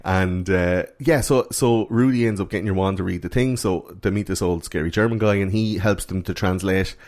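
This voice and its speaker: A man's voice: deep voice, moderate pace, a little mellow. A man, hosting a podcast, casually retelling film scenes with plenty of swearing. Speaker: podcast host.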